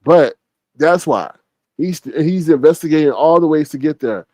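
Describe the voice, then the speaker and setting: A man hosting casual gossip commentary, animated and mocking, often mimicking others with big jumps in his voice. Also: fairly high pitch, moderate pace, no room sound. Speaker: commentary channel host.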